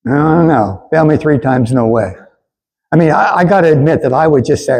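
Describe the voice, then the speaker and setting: A man's voice: fairly high pitch, animated, normal speed, gravelly, a little mellow, a little hiss or hum, poor audio. A man preaching a sermon in an earnest way, with stammered restarts, and he asks the congregation to repeat lines after him. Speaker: pastor.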